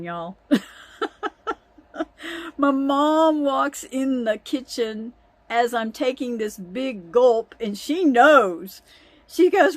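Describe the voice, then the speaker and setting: A woman's voice: on the high side, no room sound. A woman telling a family story in a chatty way, often breaking into laughter. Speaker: vlogger. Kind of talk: casual storytelling.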